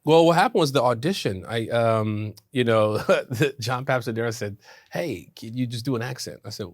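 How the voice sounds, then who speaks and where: A man, an actor, chatting in an interview and telling animated stories, laughing often. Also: mid-range voice, normal speed, no echo, clean studio sound. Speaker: actor guest. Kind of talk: casual interview chat.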